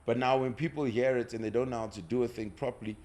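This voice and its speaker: A man's voice: mid-range voice, fairly even intonation, quick pace, darkish tone. A man from South Africa hosting a casual podcast chat, talking through his points at length with restarts. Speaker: podcast host.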